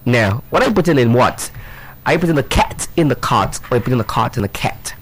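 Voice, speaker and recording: A man's voice: medium pitch, expressive, background noise. A man leading a live pronunciation drill for teachers, spelling words out letter by letter and talking to the audience with lots of fillers and repeats. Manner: drawn-out, instructive, many fillers and repeats; addresses audience directly, rhetorical questions.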